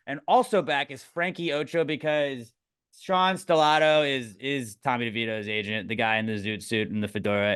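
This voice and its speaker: A young man with a bright, forward voice and a smooth, clear tone, co-hosting a podcast. He tells loose, profane stories in easy chat and mimics tough guys when he quotes them. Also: mid-range voice. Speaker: podcast co-host. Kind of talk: casual chat.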